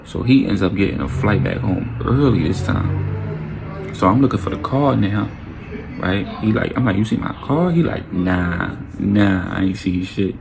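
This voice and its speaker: Young New man, storyteller, gravelly voice, animated delivery, light background hiss. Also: deep voice, unhurried. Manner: animated, acts out quotes with sound effects. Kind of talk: casual storytime vlog.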